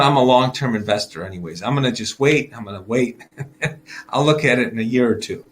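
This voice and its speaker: A man's voice: medium pitch, a bit bright, slight background noise. A man hosting a casual market-wrap video as a financial advisor, talking loosely with fillers and chuckling as he acts out investors' thoughts. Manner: chatty, laughs while acting out investors' thoughts.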